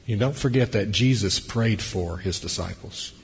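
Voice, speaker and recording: A man preaching a sermon, swinging between loud emphasis and hushed, near-whispered passages. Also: fairly low pitch, normal speed, slightly rough. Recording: long hall reverb.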